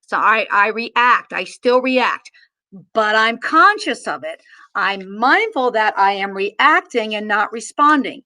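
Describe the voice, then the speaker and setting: A middle-aged woman teaching a mindfulness lesson, gently guiding listeners through gestures and slow breaths. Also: a little high, animated. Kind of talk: guided mindfulness lesson for children.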